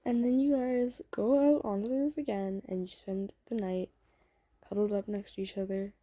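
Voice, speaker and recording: A woman hosting her own channel, telling a casual second-person story in a loose, rambling way full of fillers and self-corrections. Her voice is very dark and mellow, with a husky, breathy grain. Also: mid-range voice, fairly even intonation, moderate pace, no echo.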